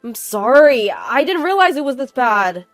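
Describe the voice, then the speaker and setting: Curt arrogant husband guy, brushes everyone off, woman narrator doing him, fairly high voice, dry sound. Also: expressive, normal speed, no echo, soft background music, close to an everyday voice. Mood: remorseful. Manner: dismissive, curt. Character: arrogant belittling middle-aged husband.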